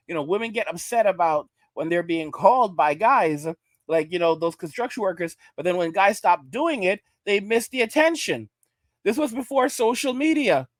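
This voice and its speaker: A man's voice: sits high, dry recording. A man from New York giving emphatic reaction commentary, often checking in with his listeners. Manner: emphatic, repeats "all right?".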